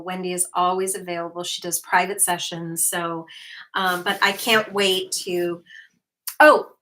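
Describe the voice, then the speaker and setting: A woman hosting her own livestream, talking casually and often pausing on fillers and restarts. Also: on the low side, pushed and bright. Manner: chatty, with frequent fillers and restarts; reads viewer comments aloud. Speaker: host, hypnotherapist.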